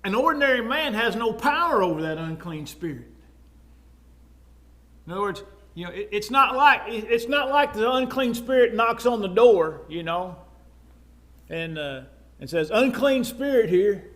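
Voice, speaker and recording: A man's voice: high-pitched, expressive, moderate pace, long pauses, fairly bright tone. A man with a Texan accent preaching in a conversational Bible class style, with frequent fillers and asides. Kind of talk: sermon, Bible class teaching.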